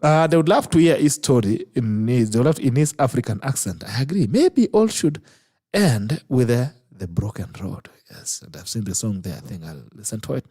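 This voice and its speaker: A man's voice: medium pitch, big pitch swings, brisk, warm tone, husky. A Kenyan man hosting a casual talk show, switching between English and Swahili and laughing often. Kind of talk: casual chat, reading viewer comments.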